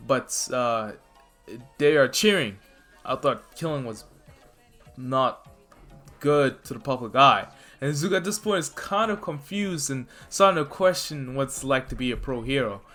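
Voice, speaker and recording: A man's voice: mid-range voice, expressive, unhurried, a bit bright, soft background music. A man casually narrating a made-up fan story, rambling along with lots of "you know" fillers.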